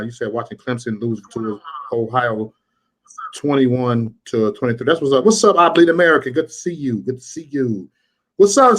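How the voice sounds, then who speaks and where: A man's voice: medium pitch, fairly bright tone. A man hosting a casual livestream, talking in loose street slang and greeting viewers in the chat by name. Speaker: livestream host.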